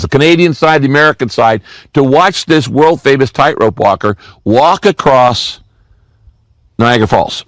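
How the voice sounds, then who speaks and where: A man's voice: medium pitch, no room sound. A male pastor giving a sermon, telling stories earnestly and repeating key lines for emphasis. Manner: earnest storytelling with emphatic repetition.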